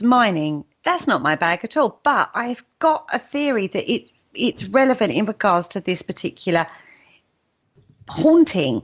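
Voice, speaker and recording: A woman's voice: medium pitch, very animated, a little slow, breathy edge. A woman with a British accent hosting a casual radio chat show, chatty and enthusiastic. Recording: dull lo-fi radio audio.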